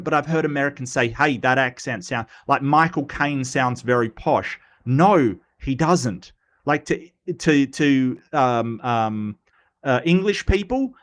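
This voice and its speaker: An Australian man chats loosely on a live stream. He reads out viewer comments and wanders between thoughts. His talk is full of fillers and false starts, and his voice sits at an ordinary middle pitch. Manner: rambling, many fillers and restarts, playful. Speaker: livestream host. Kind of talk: casual live chat reading comments.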